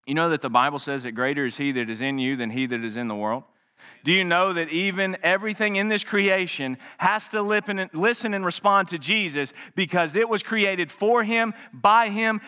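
A man preaching a sermon with passion, swinging from loud rises to hushed, quiet drops. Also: sits high. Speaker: pastor.

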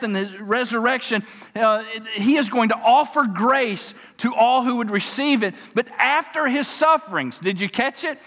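Man, pastor preaching, high voice, long hall echo. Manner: animated, folksy, pauses and repeats words. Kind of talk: sermon with storytelling. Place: church sanctuary.

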